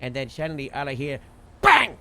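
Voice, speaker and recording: A man casually recounting a role-play shift as a streamer, rambling with lots of fillers and animated bursts. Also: medium pitch, normal speed, vocal fry, background noise. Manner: rambling, full of "you know" and "like" fillers; animated retelling with sudden loud bursts. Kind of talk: casual storytelling recap.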